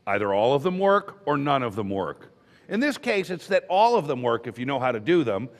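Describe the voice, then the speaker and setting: A man's voice: medium pitch, big pitch swings, a little fast, long reverb tail. A man teaching emergency medicine at a conference, talking in a loose, conversational way and telling stories with acted quotes. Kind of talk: conference lecture.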